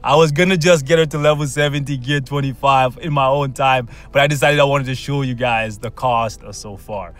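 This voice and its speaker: A man hosting a gaming channel, talking through gameplay in a casual, excitable way, coaxing his luck with slang and bursting into cheers. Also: mid-range voice, moderate pace, hardly any pauses. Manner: bursts into loud shouts and cheers when excited; coaxes the game with slang and pet names.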